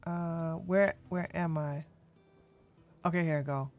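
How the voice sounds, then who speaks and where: A woman livestreamer in casual chat, talking softly and without hurry. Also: low voice, fairly even intonation, soft background music. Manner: soft, unhurried talk, a break from her usual yelling.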